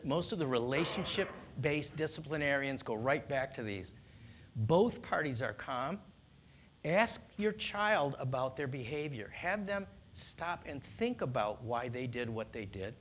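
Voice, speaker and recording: Male doctor, mid-pitched, calm and instructive, faint low rumble behind. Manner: calm, earnest, instructive, with small restarts. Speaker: doctor giving parenting advice. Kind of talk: explanatory talk on child discipline.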